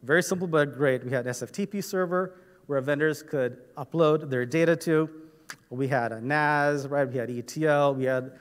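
A man with a fairly high voice speaks at a normal speed in a reverberant hall. He's a conference presenter giving a technical talk, walking through it step by step with lots of fillers and "right?" checks.

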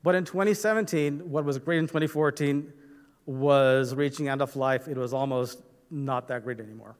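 A man's voice: mid-range voice, normal speed. A man giving a technical conference talk, explaining step by step with frequent fillers and "right?" checks. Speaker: conference presenter. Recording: reverberant hall.

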